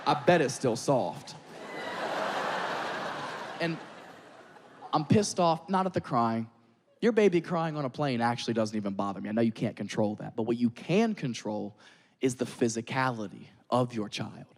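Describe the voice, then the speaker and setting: A man doing stand-up on stage, telling crude stories at a quick clip. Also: mid-range voice, animated, big-room sound. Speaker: stand-up comedian. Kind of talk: stand-up routine. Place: comedy stage with live audience.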